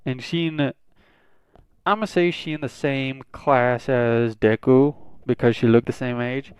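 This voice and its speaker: A man's voice: medium pitch, fairly even intonation, a little slow, clean tone, no room sound. A young man improvising a fan-fiction story in a rambling, casual, profane way. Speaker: online storyteller.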